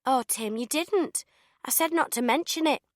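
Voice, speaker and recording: A woman's voice: sits high, normal speed, no echo, clean studio sound, pitched above the performer's own voice, natural voice. Woman reading as a distraught young woman. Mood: chirpy. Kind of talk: audiobook character voice.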